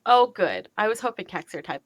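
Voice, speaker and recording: A woman playing a tabletop game, chatting quickly with the group. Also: mid-range voice, very animated. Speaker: player.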